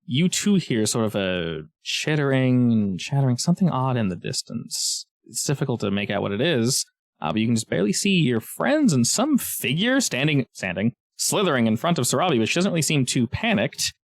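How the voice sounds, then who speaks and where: A man's voice: mid-range voice, sing-song, brisk, no room sound, clean studio sound. A man narrating a tabletop game as game master, in a chatty way with frequent restarts.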